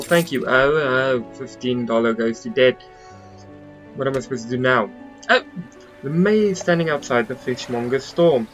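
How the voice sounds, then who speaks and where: A man's voice: medium pitch, dull audio. Chatty man joking through a game. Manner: chatty, joking asides, stumbles on words. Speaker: gaming channel host. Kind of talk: casual let's play commentary.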